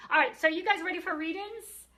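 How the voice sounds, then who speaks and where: A woman's voice: extremely high pitch, a little fast, pushed and bright. A middle-aged woman, a psychic medium, chatting casually on a live stream into her phone, greeting viewers and answering their comments aloud.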